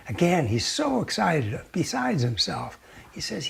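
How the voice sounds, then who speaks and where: A man giving a gentle teaching talk, telling a story slowly and sometimes dropping to a near whisper. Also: a little high, very animated, gravelly, slightly rough. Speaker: meditation teacher.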